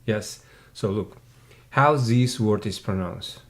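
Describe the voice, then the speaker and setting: A man's voice: lowish voice, slow pace. A man tutoring English one-on-one, patiently drilling pronunciation by repeating sounds. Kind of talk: one-on-one language lesson.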